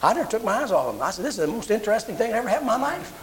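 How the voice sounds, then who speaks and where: High-voiced preacher telling lively stories. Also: male voice, rapid-fire, a little hiss or hum, rough recording. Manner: animated storyteller acting out quotes. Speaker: pastor. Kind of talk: sermon with personal stories.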